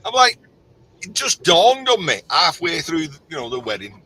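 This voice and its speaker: Middle-aged male guest, animated storyteller; bright, lively delivery. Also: on the high side, moderate pace, breathy edge, low-quality recording. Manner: animated storyteller, acts out quotes. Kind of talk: casual storytelling chat.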